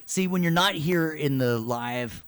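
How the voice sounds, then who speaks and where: A man's voice: on the high side, unhurried, a bit bright, clean tone, no room sound. Chatty male instructor telling corny jokes. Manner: jokey, chatty, tells puns. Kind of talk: online class lecture.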